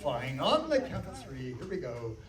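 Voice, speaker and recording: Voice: medium pitch, wildly swooping pitch, moderate pace. Playful kids' magician, distant in an echoey room. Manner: playful, coaxing the crowd with countdowns. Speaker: children's magician. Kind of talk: live magic show for kids. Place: library activity room, indoors. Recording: distant, echoey, loud crowd noise. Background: noisy crowd of children.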